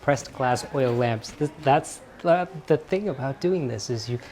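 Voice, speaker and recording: A man's voice: medium pitch, a little slow, darkish tone, a little hiss or hum. A man hosting a vlog, chatting with enthusiasm while browsing an indoor antique market and reading tags aloud. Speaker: vlog host. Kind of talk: casual vlog chat.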